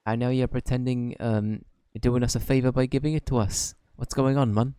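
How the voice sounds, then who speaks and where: A man's voice: medium pitch, steady tone, fairly quick, warm tone, clean tone, dry recording, close to an everyday voice. A man reading the lines of a cheeky little male fairy sidekick in a blunt, slangy way.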